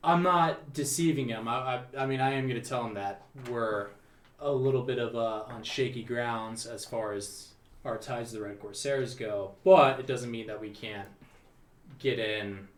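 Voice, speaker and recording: A man playing a tabletop game who talks quickly, with restarts. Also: mid-range voice. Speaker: player. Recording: roomy sound from a distance.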